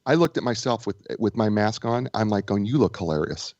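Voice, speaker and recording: A man speaking as a guest author and business coach, telling stories in a lively way with frequent restarts. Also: fairly low pitch, fairly quick, no room sound, muffled recording. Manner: animated storyteller, stammering restarts. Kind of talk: casual interview chat.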